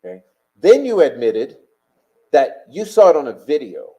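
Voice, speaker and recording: Blunt, combative man with a dark voice. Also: fairly high pitch, big pitch swings, moderate pace, poor audio. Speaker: live stream host. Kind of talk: casual live stream commentary, reading chat.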